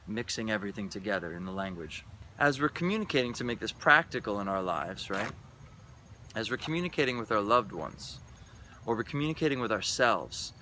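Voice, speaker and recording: A man's voice: lowish voice, sharp tone, a little hiss or hum. A man vlogging about spirituality in a loose, irreverent monologue, often tossing in "right?". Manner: irreverent, keeps asking "right?".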